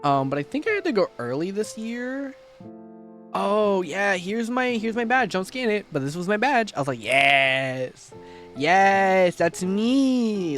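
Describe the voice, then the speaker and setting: A young man streaming a casual recap, animated and often laughing and swearing. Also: high-pitched.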